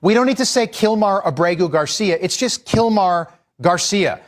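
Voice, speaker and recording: A man's voice: high voice, expressive, normal speed. A man giving an exasperated, emphatic opinion monologue as a TV news host.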